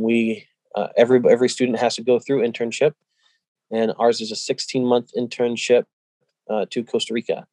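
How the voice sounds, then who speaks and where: A man who is a youth pastor and missions student, giving an earnest personal testimony in a halting storytelling way. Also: medium pitch, darkish tone, dry recording, poor audio.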